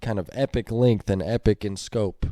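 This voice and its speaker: A man's voice: on the low side, moderate pace, dark tone, no room sound, clean studio sound. Casting: male film-podcast co-host, blunt and opinionated, rants in loose casual chat. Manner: opinionated, ranting critique.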